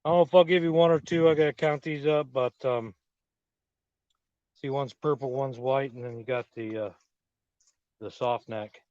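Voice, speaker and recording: Mid-range, steady and a little mellow, this man's smooth voice keeps a normal speed with frequent pauses. As a garden channel host, he walks viewers through an outdoor garden on a casual live stream, rambling in a friendly, plain way, filming on a phone or camera moved from a tripod to his hand. There's no echo, and the highs are cut off.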